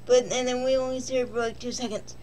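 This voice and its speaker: A woman's voice: fairly high pitch, fairly even intonation, fast talker, dark tone. A woman vlogger casually recapping a film in a rambling, joking, self-deprecating way.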